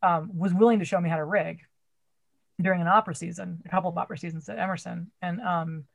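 A woman in her forties from Massachusetts with a Massachusetts accent, a theater rigger talking loudly and bluntly and swearing a lot in casual podcast chat. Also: lowish voice, steady tone, fast talker, vocal fry, highs cut off. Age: 40s.

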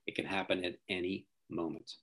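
A middle-aged man who works as a driving coach gives emphatic advice as an interview guest, acting out the words of parents and teens he quotes. His voice is low and a bit bright, with a level tone and a brisk pace.

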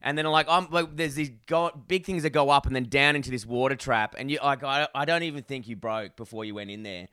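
Casting: Australian bloke, bright, clear voice, animated and foul-mouthed, dry close recording. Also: male voice, mid-range voice, fairly quick, hardly any pauses, no echo. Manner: animated, swears a lot, acts out his own inner voice. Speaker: podcast co-host. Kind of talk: casual storytelling chat.

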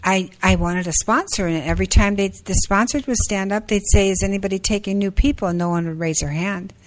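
A woman in her sixties speaks at a support group meeting. She talks haltingly, with many fillers and restarts, in a middle-pitched voice. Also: slight background noise, rough recording. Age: 60s.

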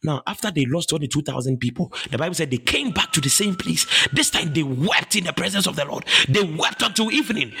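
A man preaching a sermon with an impassioned, sing-song cadence that builds to shouted, repeated exhortations. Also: a little high, lively intonation, a little fast, vocal fry, hardly any pauses, slight background noise.

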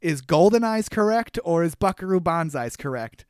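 A high-pitched man chats through a movie recap, amused and wry, laughing at the plot as he goes. His voice is close and dry, with no room sound around it. He talks in a loose, conversational way. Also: animated, normal speed, a little mellow, clear, resonant tone, dry recording. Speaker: podcast co-host. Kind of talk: casual movie recap chat.

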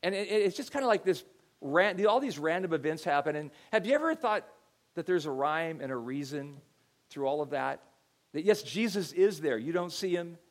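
A middle-aged man preaches from the pulpit in a relaxed, conversational way, stumbling over repeated words as he tells a story. His voice sits a touch higher than most men's. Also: moderate pace. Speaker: pastor. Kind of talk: sermon.

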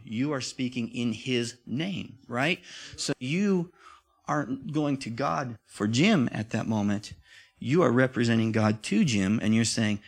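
A man preaching a sermon to his congregation, talking in a conversational, repetitive way. His voice sits in a middle pitch range. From time to time he pushes up into loud, emphatic declarations. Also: animated, moderate pace. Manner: conversational, repeats himself, rises to emphatic peaks.

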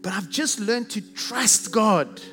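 A man's voice: sits high, animated, slow pace, bright, forceful tone, big-room sound, soft background music. A man preaching a sermon as a pastor, earnest and stacking repeated phrases into building lists.

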